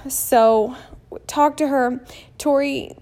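A woman in her thirties vlogging in a casual, storytelling way, her voice sitting a little high. She is animated and blunt, slipping in mild swearing and acting out the quotes of her story. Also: extremely slow. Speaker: vlogger and mother.

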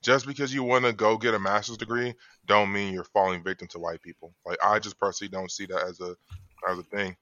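A man's voice: on the low side, steady tone, fast, pushed and bright, no room sound, muffled recording. A young man from Atlanta, a podcast guest making blunt, wry remarks. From Atlanta, Georgia.

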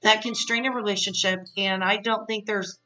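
A woman's voice: medium pitch, fairly even intonation, moderate pace, pushed and bright, far from the mic, dull audio. A woman podcast host giving a casual, chatty, opinionated episode recap. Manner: chatty and opinionated, many fillers.

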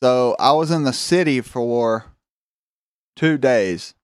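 Profane storytelling man, smooth voice. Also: medium pitch, takes it slowly, dry recording, studio quality. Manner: profane, rambling, acts out voices in anecdotes. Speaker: podcast host. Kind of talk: casual storytelling chat.

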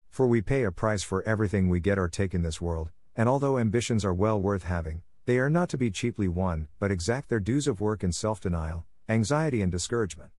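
A man narrating a classic novel as an audiobook, steady and measured, close to the mic. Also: low-pitched, no echo. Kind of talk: audiobook reading.

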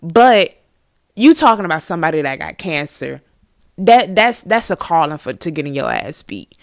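A woman podcast host telling a storytime monologue in a candid, profane, animated way. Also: low-pitched, normal speed, no echo, clean studio sound.

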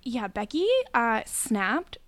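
A woman's voice: a little high, lively intonation, takes it slowly, fairly bright tone, dry recording. A woman appearing as a guest on a casual podcast, adding brief, easygoing comments.

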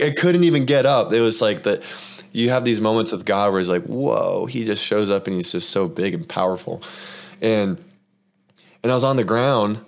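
A man hosting a casual faith-focused conversation, telling a long personal story in an earnest, rambling way with lots of fillers. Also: lowish voice. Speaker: podcast host.

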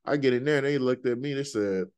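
A man's voice: mid-range voice, fast talker, a little mellow, smooth. A man in his thirties hosting a podcast, telling stories in a loose, rambling way with lots of fillers. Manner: laid-back, rambling storyteller with many fillers. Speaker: podcast host. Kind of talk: casual interview chat.

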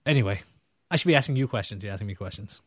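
A man's voice: fairly low pitch, expressive, rapid-fire, no echo, clean studio sound. A man hosting a casual interview show, joking and rambling with fillers. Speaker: host.

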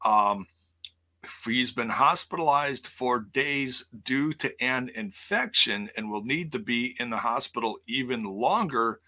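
A man hosting a casual live-streamed wrestling news show, rambling with lots of fillers, quick self-corrections and jokes. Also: medium pitch, sharp tone.

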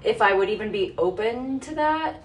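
A woman in her thirties co-hosting a casual podcast chat, animated and swearing freely as she retells conversations. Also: medium pitch, normal speed, background noise. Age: 30s. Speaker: podcast co-host.

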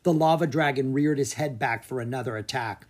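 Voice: medium pitch, a little fast. An audiobook narrator reading a children's adventure story aloud, giving each character a voice.

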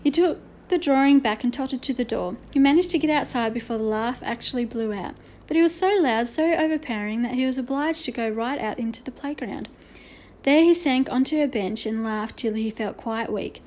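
A woman reading a children's novel aloud, expressive, with small slips and restarts. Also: a little high, a little fast. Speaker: narrator. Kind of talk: storybook reading.

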